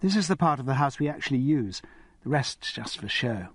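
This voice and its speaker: A man voicing a young posh English girl with an English public school accent, bright, giggly and eager. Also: medium pitch, animated, a little fast, slightly rough, no room sound. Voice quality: bright and girlish.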